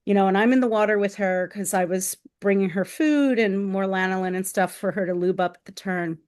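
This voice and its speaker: A woman guest on a podcast, telling a lively story full of fillers and acted-out quotes. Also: mid-range voice, brisk. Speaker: guest, open water swimming crew member.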